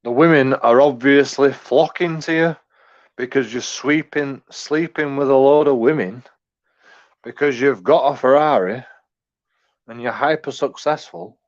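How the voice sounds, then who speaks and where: A man's voice: mid-range voice, a little slow, highs cut off. Rambling, crude man in his forties. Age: 40s. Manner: rambling, crude, profanity-heavy. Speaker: commentator. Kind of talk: casual reaction rant.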